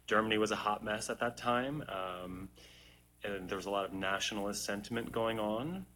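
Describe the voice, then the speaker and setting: A man's voice: lowish voice, moderate pace, sharp tone, slight background noise. A young adult man, a stage actor, chatting casually through viewer questions on a live stream. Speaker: musical theatre actor.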